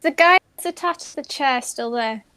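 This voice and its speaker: Brief: inquisitive woman player, higher pitch, dry close mic. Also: normal speed, bright, forceful tone, no echo. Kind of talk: tabletop game play.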